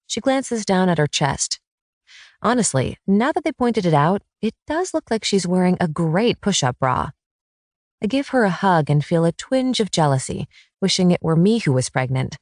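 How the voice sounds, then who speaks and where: Lady reading a romance audiobook, teasing tone, lowish voice, super dry. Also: lively intonation, moderate pace, a little mellow, no echo. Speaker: audiobook narrator. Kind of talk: first-person romance audiobook narration.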